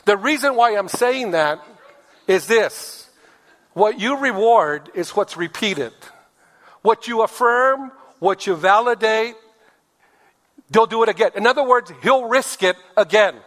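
High-voiced preaching pastor, man, in a reverberant hall. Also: expressive, measured pace, fairly bright tone. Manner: preaching with acted-out quotes of husbands and wives; asks the congregation for amens. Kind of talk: sermon.

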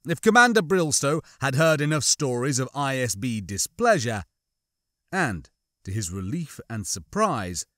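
A man reading a science fiction novel aloud as an audiobook narrator, telling the story with lively, shifting character voices. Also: medium pitch, dry recording, clean studio sound. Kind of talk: scripted narration.

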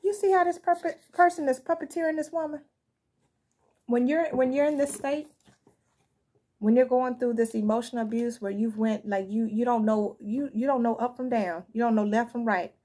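A woman's voice: a little high, steady tone, moderate pace, warm tone. A woman giving a casual spoken tarot reading, talking frankly and conversationally and often asking "you know what I'm saying.". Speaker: tarot reader.

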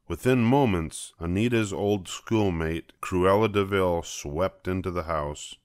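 Older male storyteller, smooth resonant voice, dry close sound. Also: low voice, a little slow, a little mellow, no room sound. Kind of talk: storybook read-aloud.

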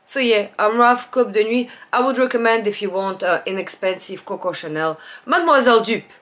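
A woman chats at home about her purchases, at a middle pitch. She rambles, restarts her sentences and often lets her voice drop to a low murmur. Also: fairly quick, fairly bright tone, a little hiss or hum. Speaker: beauty vlogger. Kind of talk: casual perfume haul chat. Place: home, natural light.

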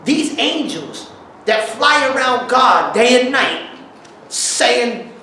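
Man, preacher, high voice, animated slangy sermon, distant mic, booming hall echo. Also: slow, slight background noise. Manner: animated, bursts into song and shouts while retelling; slangy street talk. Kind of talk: informal sermon storytelling. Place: church hall.

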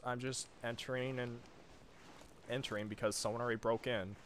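A man casually commenting on his own horror gameplay, muttering to himself with sudden loud outbursts. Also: medium pitch, steady tone, brisk, a little hiss or hum. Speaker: streamer playing a horror game.

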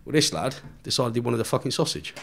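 A man with a mid-range voice tells a wild story in casual chat, swearing with nearly every breath and laughing at his own tale. His telling is loose and animated, full of restarts. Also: mid-range voice, fast talker, vocal fry. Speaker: podcast guest.

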